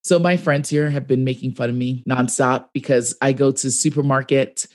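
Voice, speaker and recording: A woman's voice: rumbling low, steady tone, a little mellow. A woman with a New York accent, co-hosting a podcast in casual, giggly, teasing chat. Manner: giggly, fast-talking, teasing. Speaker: podcast co-host.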